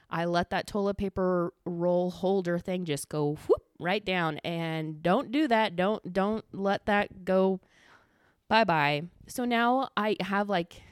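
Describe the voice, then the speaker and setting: Breathless fast-talking woman podcaster, dry sound. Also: medium pitch, no echo. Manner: talks fast without pausing for breath, gets winded; chatty, swears casually, heavy use of "like". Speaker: podcast host. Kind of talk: casual solo podcast chat.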